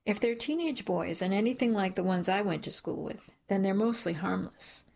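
A woman reads a first-person story in a measured audiobook style. Her voice carries a gravelly fry and a husky, breathy texture. She sits at a middle pitch for a woman and keeps the telling steady. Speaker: audiobook narrator. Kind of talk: first-person scripted narration.

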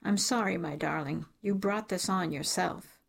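A man's voice: sits high, normal speed, vocal fry, a bit bright, heavily acted. A woman voicing a stern, cold middle-aged father in an audiobook, speaking curtly and with disdain. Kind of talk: audiobook character reading.

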